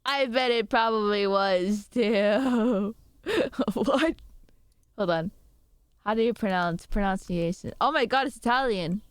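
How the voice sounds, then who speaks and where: A woman's voice: medium pitch, takes it slowly, clear, resonant tone, no echo, clean studio sound. A young woman streamer chatting casually with her viewers, rambling, giggly and self-deprecating.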